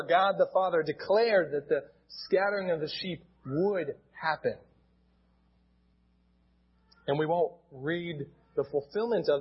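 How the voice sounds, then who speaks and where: A man's voice: a little high, husky, highs cut off. A male pastor with an American accent, preaching a sermon in a plain teaching tone and often restarting his words.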